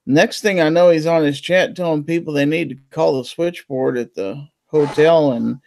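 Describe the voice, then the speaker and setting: A man's voice: fairly high pitch, moderate pace, vocal fry, darkish tone, a little hiss or hum. A man in a casual group chat, telling an anecdote in a matter-of-fact way.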